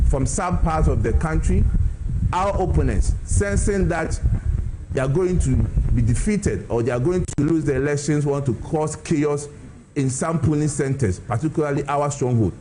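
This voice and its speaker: A man giving a formal press statement as a party spokesman, making measured appeals. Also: fairly high pitch, warm tone, slight background noise, poor audio.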